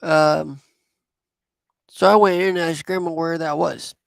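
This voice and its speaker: A man, telling a personal story in a rambling, halting way. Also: a little high, fairly even intonation, gravelly, dry recording. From southwest Missouri. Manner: rambling, halting, with many fillers. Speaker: vlogger.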